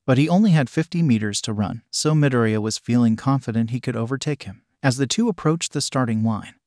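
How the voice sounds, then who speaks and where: A man's voice: mid-range voice, darkish tone, no room sound. Man narrating a story in a dry voice. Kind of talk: scripted fan fiction narration.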